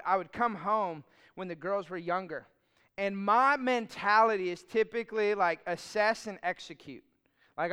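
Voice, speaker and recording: A man's voice: high-pitched, sharp tone, clear, resonant tone, long reverb tail. A middle-aged man, preaching on marriage and acting out both sides of arguments as he tells stories. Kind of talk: sermon on marriage.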